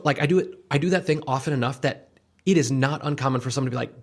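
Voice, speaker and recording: A man hosting a podcast, chatting casually and telling an animated story, acting out the voices of the people in it. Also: medium pitch, fast. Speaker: podcast host. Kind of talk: casual chat.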